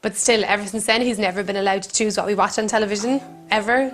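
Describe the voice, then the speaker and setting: A woman with a Cork accent hosts a comic kitchen show. She rambles through her stories in a deadpan, giggly way at an ordinary pitch, with soft music in the background. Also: fast talker. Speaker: comedian host. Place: country kitchen.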